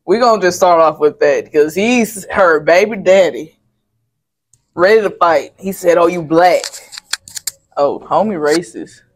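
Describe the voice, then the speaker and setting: Woman, reaction host, casual slangy chat, relaxed. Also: fairly low pitch, a little slow.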